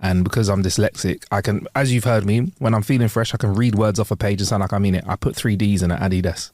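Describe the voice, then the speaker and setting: A man's voice: fairly low pitch, steady tone, quick pace, a little mellow, no echo, clean studio sound. A man, co-hosting a podcast, playful and teasing, swearing freely. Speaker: podcast co-host. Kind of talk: casual chat.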